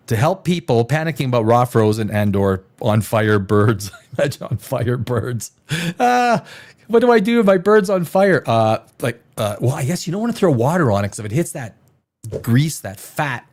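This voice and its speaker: A man hosting a casual live stream, rambling and joking with many fillers and restarts. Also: medium pitch. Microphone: desk microphone.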